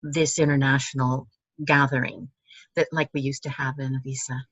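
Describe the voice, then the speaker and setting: A woman, a guest teacher, chatting in an interview with musing, halting phrases that trail off and restart, heard over a video call. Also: rumbling low, little pitch movement, fairly bright tone, slightly rough, no room sound, poor audio. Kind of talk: casual conversational interview.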